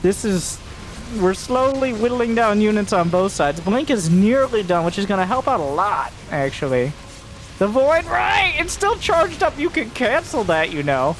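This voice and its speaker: A man casting a strategy game match, joking around and getting loud and excited at big plays. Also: high-pitched, moderate pace, a little hiss or hum. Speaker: esports caster. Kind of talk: game commentary.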